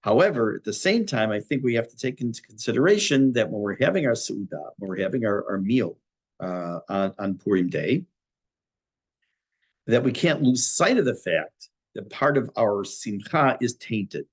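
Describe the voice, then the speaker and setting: A middle-aged man, a rabbi giving a Torah class, talking thoughtfully many pauses and restarts. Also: on the low side, lively intonation.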